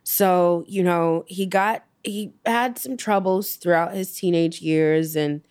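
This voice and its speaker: A young adult woman, slowly recounting a personal loss as an interview guest, halting with many fillers. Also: on the low side, darkish tone, clear, resonant tone.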